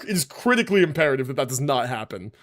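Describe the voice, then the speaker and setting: A man's voice: medium pitch, sing-song, rapid-fire. A man chatting casually on a livestream, rambling, repeating words and often checking in with "right?". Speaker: streamer.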